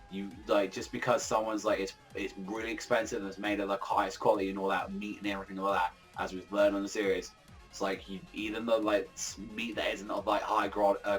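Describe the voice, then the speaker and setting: A young man giving a casual manga review in a rambling, excitable, profane way, full of filler words. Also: lowish voice.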